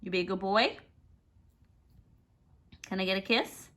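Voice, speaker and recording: A woman at home talking to her pet parrot in a playful, coaxing sing-song, scolding it gently and fussing over it in baby talk. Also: medium pitch, unhurried. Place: home indoors, by a fireplace.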